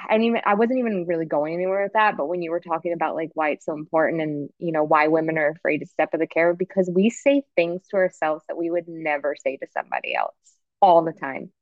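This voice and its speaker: A woman in her thirties, a podcast guest, talking candidly and with feeling, full of quick asides. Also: low-pitched, dry recording, lo-fi sound. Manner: emotional, expressive, quick asides. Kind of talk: candid conversational chat.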